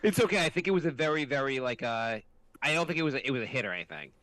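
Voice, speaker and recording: A man of middle pitch co-hosting a comedy podcast, rambling through his points with hesitant ums. His voice sits close and dry on the mic. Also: animated, rapid-fire, fairly bright tone, no room sound. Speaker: co-host. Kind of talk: casual comedy podcast chat.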